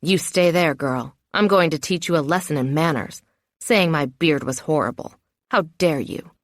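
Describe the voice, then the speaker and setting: A teasing, playful male lover, his voice dropped low and hushed, as a woman narrator puts him on. He speaks softly and close in a dry, deadened sound. It is an audiobook reading with a lowered, slightly dark tone. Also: moderate pace, no echo, lightly acted. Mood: mock-stern.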